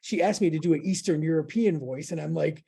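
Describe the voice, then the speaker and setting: A woman's voice: low-pitched, quick pace, vocal fry, dark tone, slight background noise. A woman hosting a podcast, chatting casually and telling a story with lots of fillers and restarts. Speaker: podcast host. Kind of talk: casual chat.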